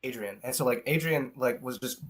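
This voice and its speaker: Husky-voiced young man telling a story. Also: medium pitch, a little fast. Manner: rambling, profane, laughs at his own story. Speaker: podcast co-host. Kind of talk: casual storytelling.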